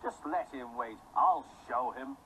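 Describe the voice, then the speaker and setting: A man's voice: medium pitch, measured pace, noisy background, close to an everyday voice. A man voicing a small, touchy male tank engine in a storybook tale, sounding indignant and boastful.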